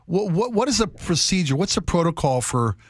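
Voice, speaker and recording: Playful radio cohost dude, higher voice, really bouncy intonation, joking around. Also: male voice, very animated, fairly quick, no room sound, studio quality. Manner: playful, laughs along, self-deprecating. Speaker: radio show co-host. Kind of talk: casual talk-radio banter. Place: radio studio.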